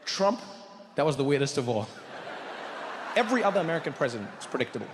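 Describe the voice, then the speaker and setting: A middle-aged man doing an animated stand-up comedy routine, often slipping into voices and impressions. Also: on the high side, fast. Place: large comedy venue. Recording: echoey venue with long reverb and faint noise.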